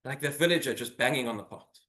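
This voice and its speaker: A man's voice: medium pitch, quick pace, fairly bright tone, reverberant. A man, a rabbi, giving an earnest sermon full of rhetorical questions in a synagogue.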